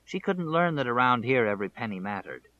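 A man's voice: mid-range voice, big pitch swings, brisk, pushed and bright, muffled recording. A man reading the remembered words of an elderly small-town woman in an audiobook, earnest and reminiscing.

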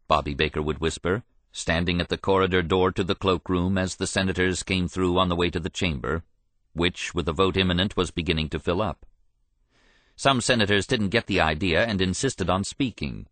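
Deep-voiced male audiobook narrator. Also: moderate pace, fairly bright tone, no echo. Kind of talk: scripted narration.

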